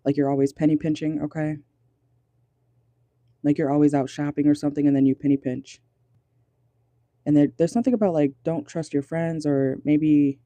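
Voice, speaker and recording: Chatty man with a dark, dry voice. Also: fairly high pitch, no echo. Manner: chatty and amused, laughs often. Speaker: tarot reader. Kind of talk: casual pick-a-card reading. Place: in a car.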